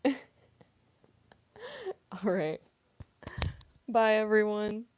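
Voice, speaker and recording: A woman's voice: mid-range voice, huge pitch swings, extremely slow, a little mellow. A young woman, a voice actress, chatting casually on a live stream, giggling often and cooing at her cat.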